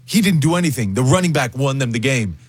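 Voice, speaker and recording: A man's voice: medium pitch, expressive, fast, crowd noise. A man co-hosting a talk show in casual chat, blunt and teasing as he argues his point. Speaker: co-host.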